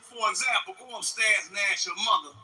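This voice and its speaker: High-voiced man telling a joke. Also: brisk, distant mic, heavy background noise. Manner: loose storytelling with stammered repeats.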